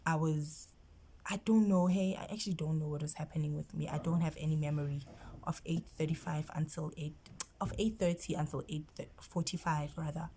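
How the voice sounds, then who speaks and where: A woman's voice: sits low, dark tone, a little hiss or hum. A South African woman vlogger telling a personal story, emotional and often dropping into a whisper. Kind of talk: storytime vlog.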